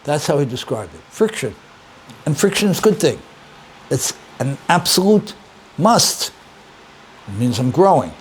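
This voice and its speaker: An older man teaches a conversational Torah lesson, pressing his points by repeating words and asking his listeners questions. His voice sits a little high for a man, and a faint hiss runs under the recording. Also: a little slow, pauses often. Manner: animated, emphatic, repeats key words, asks listeners questions. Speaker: rabbi and teacher.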